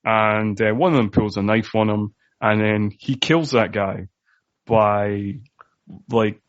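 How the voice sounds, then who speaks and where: A man's voice: fairly low pitch, steady tone, slow, dry recording. A man co-hosting a podcast in casual chat, sharing trivia and often restarting his sentences. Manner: chatty, shares trivia with hesitant restarts. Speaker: podcast co-host. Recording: dry, slightly dull audio.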